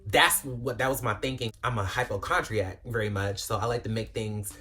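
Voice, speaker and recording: A woman's voice: a bass voice, steady tone, moderate pace, a bit bright, faint music behind. A young woman telling a storytime tale in a dramatic, self-mocking way, swearing freely. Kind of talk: casual storytime.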